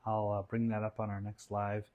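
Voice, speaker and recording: A man's voice: on the low side, monotone, normal speed, phone-quality sound. A man co-hosting a casual cooking livestream, teasing his partner and reading out viewer comments. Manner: teasing, easygoing.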